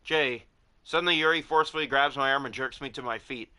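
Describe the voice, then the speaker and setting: A man playing a visual novel, reading the narration aloud and swearing in loud, shocked outbursts. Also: mid-range voice, fast, clean tone. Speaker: gameplay streamer.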